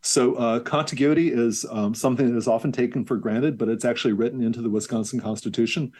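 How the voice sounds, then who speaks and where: A man's voice: mid-range voice, fairly even intonation, quick pace, a little mellow. A man who is a professor, explaining at length as a guest in an interview, fluent and lecture-like with occasional fillers.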